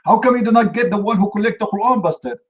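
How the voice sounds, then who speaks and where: Hosting a heated live online debate, a man with a slightly high voice combatively lectures and mocks his opponent at a quick pace. The audio sounds dull and lo-fi.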